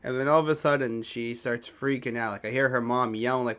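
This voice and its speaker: Twenties guy, casual storyteller, smooth clear voice, loose and self-mocking. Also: mid-range voice, steady tone, fairly quick, fairly bright tone. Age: 20s. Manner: rambling, self-deprecating, swears freely. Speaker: vlogger.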